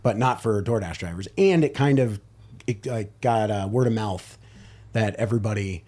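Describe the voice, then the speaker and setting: A man's voice: lowish voice, moderate pace, dark tone. A male stand-up comedian chatting as a podcast guest, rambling through anecdotes with restarts. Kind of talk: casual chat.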